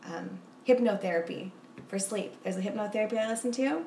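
A young woman talks casually and giggles often, rambling through personal stories at a middling pitch. She is recorded in a roomy space with a faint hiss behind her. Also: brisk, creaky, mellow. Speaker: podcast guest. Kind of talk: casual chat. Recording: roomy echo, faint background noise.

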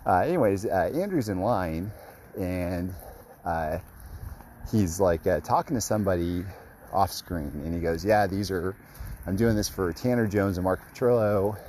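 A man telling an excited, rambling story about his custom card work, full of fillers. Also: low voice, unhurried, slight background noise, rough recording. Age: adult, grew up a fan. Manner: rambling, many fillers, gushing.

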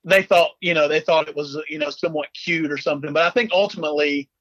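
A man from South Carolina with a Southern accent, chatting as a podcast guest in a relaxed, rambling way with many fillers. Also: a little high, fast, no echo, highs cut off. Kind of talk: casual chat.

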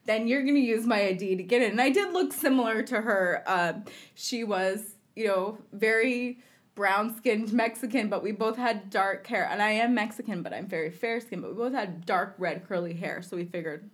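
A woman from the Los Angeles area tells a rambling story at a mid pitch. She jumps into other people's voices for quotes and breaks into laughter often. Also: moderate pace. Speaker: podcast guest. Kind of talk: casual storytelling.

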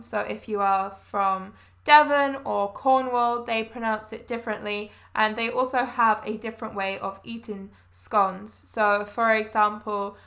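A young woman explaining customs to learners in a clear, measured way that spells out terms and gives examples. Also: on the high side, pushed and bright. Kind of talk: explaining British food culture to learners.

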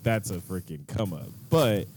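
A man's voice: sits low, lively intonation, unhurried, a little mellow, a little hiss or hum. A man hosting a casual podcast, talking in a laid-back, rambling way with lots of fillers. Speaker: podcast host.

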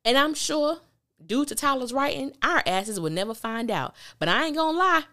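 A woman hosting a podcast, recapping a TV episode in a casual, animated way with blunt slang and emphatic storytelling. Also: high voice, moderate pace. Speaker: podcast host.

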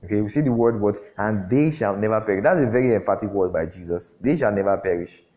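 A man preaching a sermon, often throwing questions at the congregation and filling pauses with "um". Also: fairly low pitch. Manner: call-and-response questions, frequent fillers. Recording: dull lo-fi recording.

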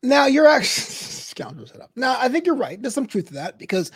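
Podcast co-host with a lively, swooping pitch and a teasing manner. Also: a little fast, breathy edge. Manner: teasing, lively, acts out quotes. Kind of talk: casual wrestling chat.

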